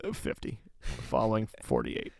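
A man co-hosting a podcast, telling a story in a casual, animated way with lots of filler words. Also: fairly low pitch, moderate pace, vocal fry, dry recording. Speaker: podcast co-host.

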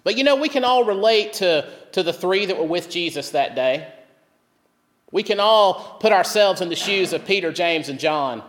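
High-voiced man preaching in a reverberant hall. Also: lively intonation, moderate pace. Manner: storytelling, dropping soft and low for quoted words. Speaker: pastor. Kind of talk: sermon. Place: church.

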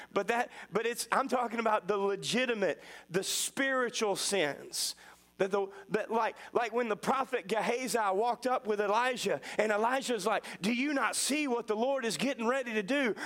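A man in his thirties preaching a sermon, telling a personal story with lively acted-out inner dialogue. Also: high-pitched. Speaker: pastor.

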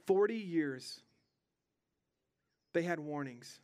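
A young man with a high voice preaches earnestly, speaking conversationally and doubling back on words as he presses a point. The sound is dry and close, with no room around it. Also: lively intonation, fairly quick, no room sound. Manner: earnest, repeats words when stressing a point. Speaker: pastor. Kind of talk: sermon.

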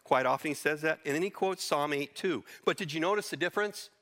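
A middle-aged man delivers a sermon in a bright, forward voice. He teaches earnestly through scripture, speaking off the cuff with small restarts along the way. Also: a little high, fast talker. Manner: earnest, unscripted Bible teaching, with restarts and quoted verses. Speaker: preacher.

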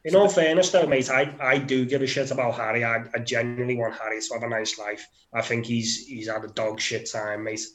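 A man's voice: mid-range voice, fairly even intonation, fairly quick, hardly any pauses, a bit bright. Heated, foul-mouthed man, roomy sound. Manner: heated, swears a lot, ranting. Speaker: podcast co-host. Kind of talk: casual chat. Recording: roomy echo.

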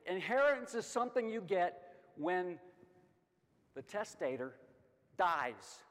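A middle-aged man teaching a Bible lesson, emphatic and lively, asking questions and answering them himself. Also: high-pitched, slow. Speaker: Sunday school teacher. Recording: long hall reverb.

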